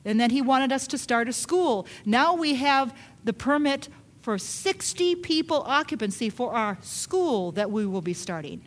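A woman's voice: a little high, expressive, measured pace. A woman pastor preaching a sermon, emphatic, with repeated rhetorical questions.

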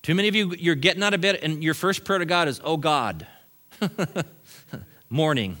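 Animated man preaching a sermon. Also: high-pitched, rapid-fire. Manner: animated preaching with sudden drops to quiet asides. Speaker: pastor. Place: church sanctuary.

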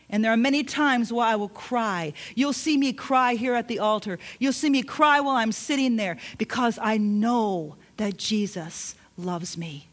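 A woman pastor preaching a sermon in an earnest, emphatic way, slowing into soft drawn-out passages. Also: on the high side.

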